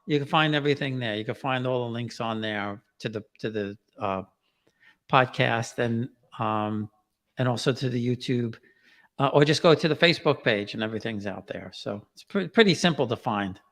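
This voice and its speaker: A man as a podcast guest in casual chat, relaxed and easygoing, with many pauses and fillers. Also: medium pitch, big-room sound.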